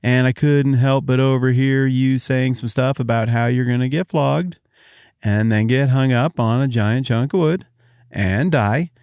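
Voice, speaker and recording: A man's voice: mid-range voice, a little slow, darkish tone, clean tone, no room sound, studio quality, lightly acted. A man voicing a doting mother who sweetly pleads for a huge favour, hesitant and then gushing.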